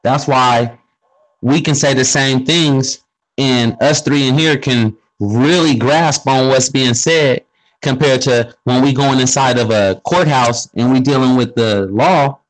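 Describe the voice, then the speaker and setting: Brief: man, middle pitch, relaxed slangy explainer in a casual group talk. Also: unhurried, rough recording. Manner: explains with questions and street slang. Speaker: speaker in a group discussion. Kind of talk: casual conversational monologue.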